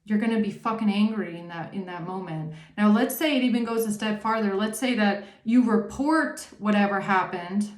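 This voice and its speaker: A woman's voice: medium pitch, normal speed, few pauses, reverberant. A woman giving a casual tarot reading, talking emphatically, swearing often and checking in with the listener. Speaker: tarot reader.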